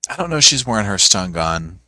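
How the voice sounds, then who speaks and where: A man's voice: on the low side, very animated, fairly quick, sharp tone, no echo, clean studio sound. A man hosting a casual live stream, mocking people with funny voices and cheerfully greeting viewers by name. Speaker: host. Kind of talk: live stream commentary with chat. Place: at home.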